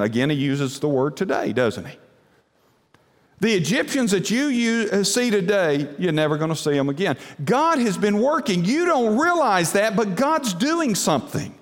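A man preaching a sermon, emphatic, with rhetorical questions and sudden drops to a hushed low voice. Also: long reverb tail. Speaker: pastor.

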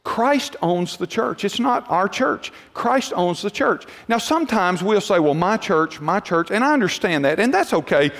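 High-voiced man preaching in a reverberant hall. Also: big pitch swings, normal speed, gravelly, few pauses, fairly bright tone. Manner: conversational preaching with rhetorical questions and repetition. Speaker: pastor. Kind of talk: sermon.

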